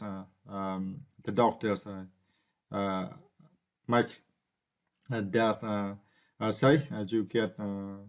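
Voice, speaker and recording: Hesitant, low-voiced male English teacher. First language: Vietnamese. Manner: hesitant, many fillers and restarts; asks "right?" to check understanding. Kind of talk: unscripted vocabulary lesson.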